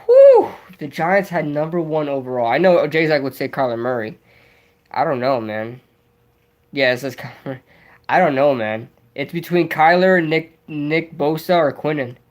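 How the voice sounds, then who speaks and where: A young man hosting a casual livestream, rambling excitably and answering viewers' chat as he goes. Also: a little high, moderate pace. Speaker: livestream host.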